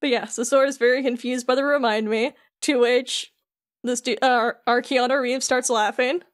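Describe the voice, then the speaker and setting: A woman's voice: sits high, flat delivery, moderate pace. A woman co-hosting a podcast, animatedly retelling a video game scene in casual chat with many "like" fillers. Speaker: podcast co-host.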